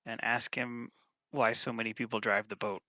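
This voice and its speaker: A male player with a bright voice makes deadpan jokes at a tabletop game. The sound is dry and close. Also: mid-range voice, normal speed, no echo. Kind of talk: tabletop role-play.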